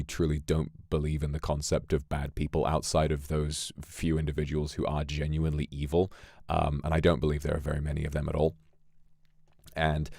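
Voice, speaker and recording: Very deep-voiced man chatting on stream. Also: warm tone, dry recording, studio quality. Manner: rambling and reflective, casual swearing. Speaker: streamer and filmmaker. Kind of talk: casual livestream commentary.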